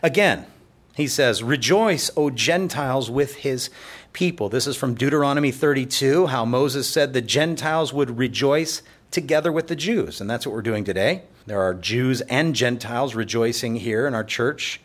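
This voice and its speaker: In church, a male pastor with a medium-pitched voice delivers a sermon at a moderate pace. He explains scripture conversationally and slips in playful asides.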